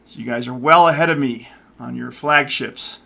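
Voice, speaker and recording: Loud gravelly streamer man. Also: mid-range voice, normal speed. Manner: loud and lively, says so himself. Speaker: streamer hosting a co-op game session. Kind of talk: casual live-stream chat.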